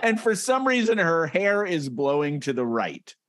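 Male comedy podcast co-host, animated, dry studio voice, talks through comic strips. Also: a little high, moderate pace, no echo. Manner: animated, reads comic panels aloud, laughs often. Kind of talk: casual comedic chat.

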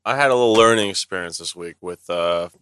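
A man's voice: deep voice, brisk, a bit bright, clean tone, dry recording, studio quality. A man co-hosting a comedy podcast, telling rambling anecdotes in casual banter. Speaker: podcast co-host.

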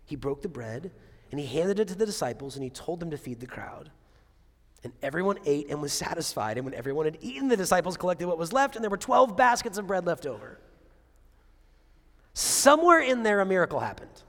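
Chatty preacher man, slightly high voice. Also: very animated, fairly quick, fairly bright tone. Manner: chatty, full of asides and rhetorical questions. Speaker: pastor. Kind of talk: conversational sermon. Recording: long reverb of a large hall.

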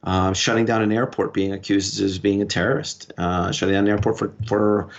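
A man with a fairly low voice recounts a story as a podcast guest. He talks in short bursts and quotes each exchange back and forth. The recording sounds dull and lo-fi. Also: little pitch movement. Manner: recounts events in quick short bursts, quoting dialogue. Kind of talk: conversational storytelling.

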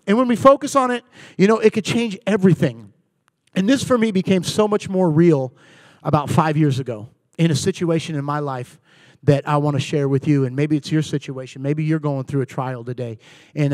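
A man in his forties preaching a sermon, lively and acting out the people in his stories, then sinking low and quiet while telling a hard story about his own family. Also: dry recording. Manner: animated, acts out voices of people in his stories. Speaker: pastor. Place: church.

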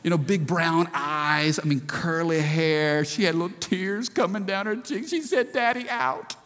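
A man in his forties preaches a sermon in a high voice, often throwing rhetorical questions to the congregation. His voice carries with a long reverb, as in a large church hall. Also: unhurried, fairly bright tone, soft background music. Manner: preacherly, calls for audience response. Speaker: pastor.

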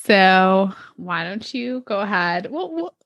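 A woman's voice: mid-range voice, sing-song, slow pace, fairly bright tone, dry recording, clean studio sound. A woman in her thirties co-hosting a book podcast, talking enthusiastically about a favorite novel with lots of fillers. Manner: enthusiastic, gushing, many fillers. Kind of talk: casual book chat.

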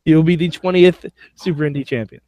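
A man's voice: on the high side, brisk, a little mellow, no echo, clean studio sound. Wisecracking man on a phone line. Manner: sarcastic, wisecracking. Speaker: podcast co-host. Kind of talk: casual chat.

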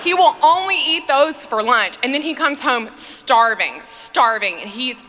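A woman voicing a crude suburban mom who complains loudly and with exasperation about her husband. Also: high-pitched, animated, a little slow, voice pushed up, heavily acted. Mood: griping. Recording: long church reverb.

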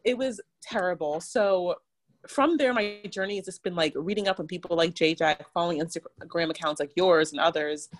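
A woman's voice: lowish voice, normal speed. A woman telling a personal story in casual chat, full of "like" and quoted back-and-forth. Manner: chatty, fillers like "like", quotes others. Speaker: guest.

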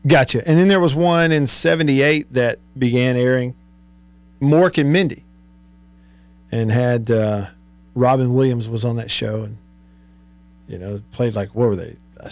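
A man's voice: mid-range voice, normal speed. A man hosting a sports radio show in a studio, chatting casually, reading listener texts and laughing often. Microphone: studio microphone.

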